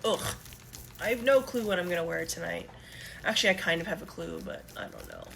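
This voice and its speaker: Young woman, blunt and chatty vlogger, lively delivery, noisy room tone. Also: lowish voice, fairly quick, creaky. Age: young adult. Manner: chatty, blunt, swears freely. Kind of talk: casual get-ready-with-me chat. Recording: noisy background ambience.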